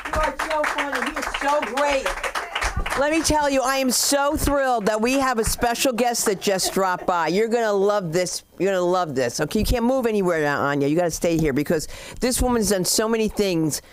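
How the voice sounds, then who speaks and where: A woman hosting an open mic, gushing and excited as she introduces the next guest. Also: fairly high pitch, normal speed. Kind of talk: emcee introduction. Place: comedy club stage. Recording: noisy live club recording.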